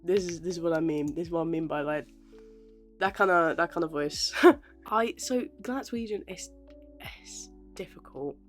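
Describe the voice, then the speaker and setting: A woman's voice: on the low side, moderate pace, faint music behind. A 21-year-old woman, chatting casually to camera in a self-deprecating way and laughing often. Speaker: aspiring actress vlogger.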